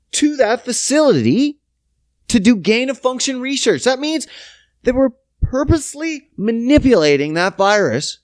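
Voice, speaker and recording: A man's voice: very high voice, no echo, studio quality. A young man from Canada hosting his own podcast, ranting in a profane, sarcastic way. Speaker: podcast host. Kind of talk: casual solo podcast rant.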